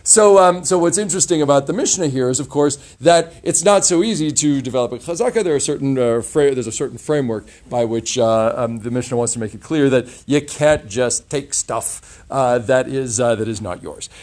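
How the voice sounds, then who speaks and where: A man teaching an informal class on a religious text, talking in a halting, chatty way with many restarts. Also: medium pitch, a little mellow. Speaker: teacher leading a Mishnah class.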